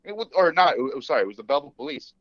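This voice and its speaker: A man's voice: on the high side, rapid-fire, dry recording. A young man co-hosting a podcast, telling a story in casual chat, acting out quotes and laughing often. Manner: animated, acts out quotes, laughs often, swears. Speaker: podcast co-host. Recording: dull dry studio mic.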